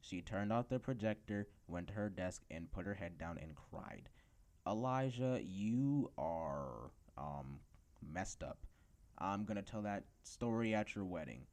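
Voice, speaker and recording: A teenage boy hosts a podcast and tells school stories in a loose, rambling rant, his voice notably low and his speed normal. He sounds casual, chatty and unpolished, filling gaps with ums and likes.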